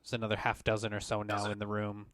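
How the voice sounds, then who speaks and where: A man's voice: on the low side, completely flat delivery, fast talker, fairly bright tone, dry recording. A man running a tabletop role-playing game, narrating loosely with many fillers and brief voiced asides. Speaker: game master.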